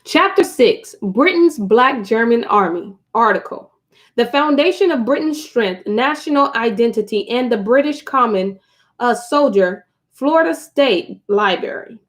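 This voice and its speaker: A woman's voice: on the high side, animated, unhurried. A woman hosting a casual live stream, reading a book aloud to her viewers, chatty and prone to digressions and asides.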